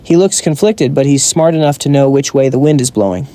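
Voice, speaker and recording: A man's voice: mid-range voice, a little fast, warm tone. A man narrating a comic story recap in a scripted style, dropping wry joking asides.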